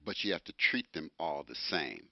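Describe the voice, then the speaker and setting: A man co-hosting a radio talk show with a very low, deep voice, making short, blunt points. His voice comes through a dull, lo-fi broadcast sound. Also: very animated, normal speed, vocal fry, a little hiss or hum.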